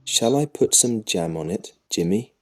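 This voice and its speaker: A man's voice: lowish voice, lively intonation, measured pace. A man voicing a doting, fussy mother who questions her young son tenderly, in an audiobook story for children. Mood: coaxing.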